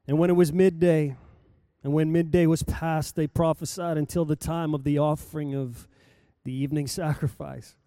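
A pastor welcoming his church and reading a Bible passage aloud, his voice rising for the calls and dropping low between them. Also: fairly even intonation, moderate pace, warm tone, dry recording, clean studio sound. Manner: dramatic reading, voice rising and falling with the story. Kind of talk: sermon scripture reading.

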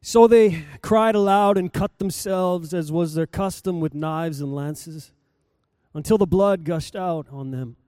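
A pastor welcoming his church and reading a Bible passage aloud, his voice rising for the calls and dropping low between them. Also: a little slow, mellow, no echo, studio quality. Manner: dramatic reading, voice rising and falling with the story. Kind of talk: sermon scripture reading.

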